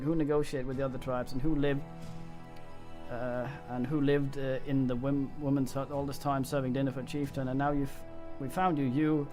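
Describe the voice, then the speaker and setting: A man's voice: medium pitch, natural voice. A man reading as a bitter tribal advisor woman. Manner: reads dialogue aloud flatly, stumbles on words. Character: bitter female tribal advisor, resentful, reproachful.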